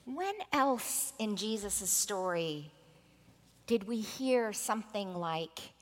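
A woman's voice: medium pitch, animated, slow pace, long reverb tail. A woman preacher giving a sermon, telling a story expressively and acting out the voices in it.

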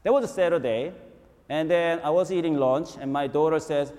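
High-voiced pastor preaching in a reverberant hall. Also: male voice, brisk. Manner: animated, repetitive storytelling with frequent rhetorical "right?". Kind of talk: storytelling sermon. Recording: long reverb in a large hall.

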